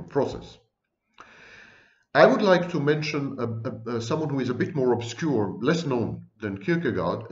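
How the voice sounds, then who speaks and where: A man giving an online video lecture on psychology, stringing ideas together in rolling lists and adding dry, ironic asides. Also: medium pitch. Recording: roomy, dull lo-fi recording.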